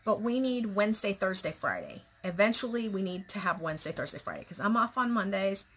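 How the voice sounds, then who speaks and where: A woman talking in a casual personal vlog, nervous and candid, halting with restarts and pauses, sometimes dropping into a soft whisper. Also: mid-range voice, very animated, slightly rough. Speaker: vlogger.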